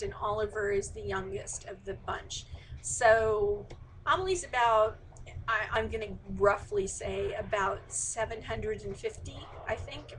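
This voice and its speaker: Woman, author, casual live-stream Q&A, reads questions aloud, chatty with many fillers, somewhat high-pitched, faint background hiss. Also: fairly bright tone, low-quality recording. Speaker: author answering audience questions. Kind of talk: casual online Q&A. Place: indoors, remote live stream.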